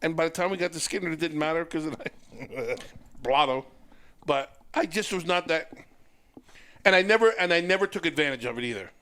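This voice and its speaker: A middle-aged man with a bright, forceful voice that sits a little high. He tells his stories casually and jumps into other people's voices as he acts them out. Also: normal speed, long pauses. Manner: animated storyteller who acts out voices. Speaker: podcast guest, former wrestler. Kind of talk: casual storytelling.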